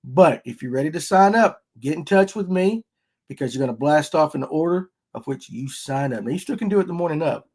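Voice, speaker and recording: A man hosts a casual fishing podcast. His voice sits a little high, and he talks in a folksy, rambling, upbeat way. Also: animated, a little fast, darkish tone, breathy edge. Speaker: podcast host.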